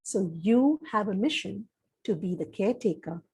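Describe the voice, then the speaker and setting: A woman telling a children's story live, animated and speaking straight to her young listeners with dramatic pauses. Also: medium pitch, husky.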